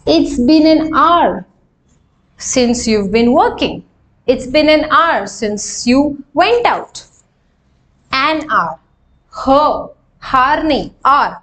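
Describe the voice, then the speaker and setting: A young woman with an Indian English accent leads a live online grammar class, taking her explanations slowly and asking rhetorical questions. Her voice sits high, with lively intonation.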